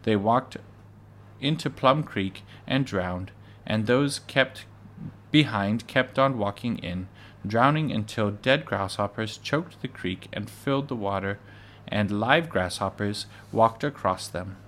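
A man reading a children's book aloud, measured and with occasional stumbles. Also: lowish voice, fairly bright tone. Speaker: reader.

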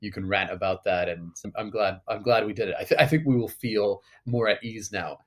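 A man, a podcast co-host, wrapping up a casual chat in a relaxed, agreeable way. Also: on the low side, fairly quick.

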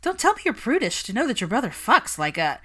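Brief: woman doing a sly, prying young witch, higher and louder than the narration. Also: sing-song, quick pace, slightly rough, full character voice. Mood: teasing. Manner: sly, needling, brash. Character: smug teasing young witch.

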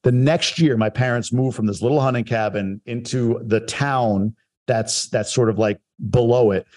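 A man's voice: mid-range voice, normal speed, darkish tone. A man from Long Island telling stories about his childhood in a casual, reflective and self-deprecating way on a podcast. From Long Island, New York. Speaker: guest telling his life story.

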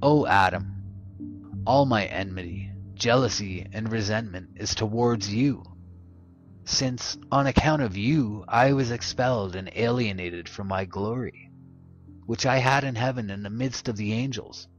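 A man voices the devil, a scheming fallen angel who coaxes and complains with bitter self-pity. The voice sits low, the sound is muffled, and music plays clearly behind it in this storybook reading. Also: a little slow, lightly acted. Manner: bitter, self-pitying, deceitful.

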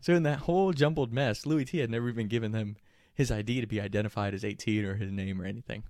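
A young man telling a story casually, animated and profane, often laughing mid-telling. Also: lowish voice, fast, dry recording, clean studio sound.

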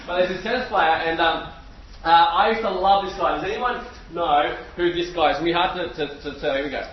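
An Australian man in his forties delivers a sermon in a fairly high voice. He tells stories with bursts of excitement and swings between hushed prayer and lively talk. The sound is echoey and a little dull, as if picked up in a big room. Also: a little fast, recorded from a distance. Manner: excitable, animated storyteller. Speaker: preacher. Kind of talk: sermon with storytelling. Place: room with a live audience.

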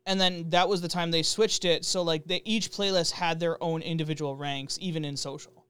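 A man's voice: a little high, fairly even intonation, normal speed, fairly bright tone, clean tone. A man co-hosting a casual gaming chat, rambling and joking with frequent laughter and fillers. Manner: jokey, laughs often, rambling with many fillers.

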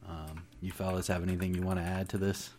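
A man co-hosting a podcast, introducing a discussion topic in a halting, thinking-aloud way. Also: low voice, little pitch movement, darkish tone, slight background noise. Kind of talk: casual chat.

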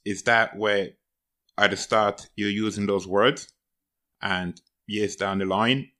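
Male interviewer, low pitch with a bright forward tone, casual and easy-laughing. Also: steady tone, slow pace. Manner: laughs easily, loose phrasing. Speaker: podcast interviewer.

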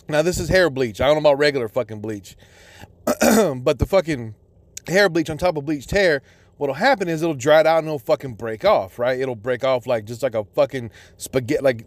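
A man telling a personal story in a casual, profane, rambling way, full of restarts. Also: a little high.

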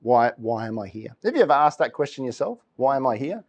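This middle-aged man brings his sermon to life with stories, frequent laughter, and acted-out voices. He's a pastor with a medium-pitched, slightly rough voice, and he talks fast.

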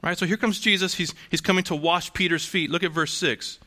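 A man's voice: high voice, fairly even intonation, brisk, bright, forceful tone. A man preaching a sermon to a congregation in a conversational way, asking rhetorical questions and restarting phrases. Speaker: pastor.

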